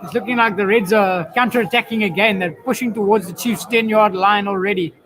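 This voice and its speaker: High-voiced man commentating rugby live. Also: fairly quick, a crowd in the background, rough recording. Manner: chatty and self-mocking, laughs often, greets viewers by name. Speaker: live stream match commentator. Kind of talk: casual live commentary reading viewer chat.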